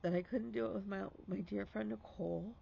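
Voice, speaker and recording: A man's voice: high-pitched, steady tone, brisk, gravelly, lo-fi sound, a little hiss or hum. A man hosting a stitching vlog, telling a heartfelt story in casual chat and dropping to a whisper for emphasis.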